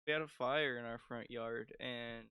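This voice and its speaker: A young man co-hosting a podcast in casual chat, giggly and quick to laugh. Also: medium pitch, steady tone, sharp tone, smooth, no room sound. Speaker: podcast co-host.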